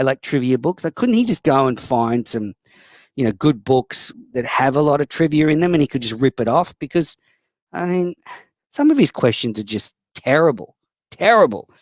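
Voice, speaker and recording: An Australian man hosts a call-in show in a blunt, mocking way, swearing freely. His voice sits at a middle pitch. The sound is dry and close, with no room around it. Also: dry recording. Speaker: host. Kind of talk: casual solo call-in show.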